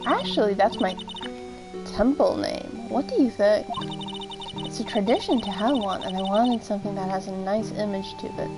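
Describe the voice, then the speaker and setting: A woman's voice: medium pitch, expressive, moderate pace, music in the background, lightly acted, low-quality recording. A woman doing a giggly old head nun. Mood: jolly. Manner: sing-song, chuckling ho ho ho. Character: cheery elderly female head nun, giggly.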